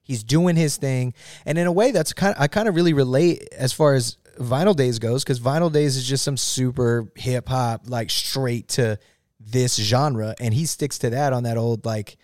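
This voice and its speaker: A man in casual interview chat, an animated storyteller who swears and laughs often. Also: mid-range voice, moderate pace, no echo, studio quality. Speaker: guest musician.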